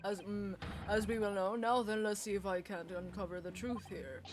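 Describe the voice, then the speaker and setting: A woman reading the lines of an earnest, flustered young male lawyer in slow, careful tones, voicing game dialogue aloud. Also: medium pitch, background noise, close to an everyday voice.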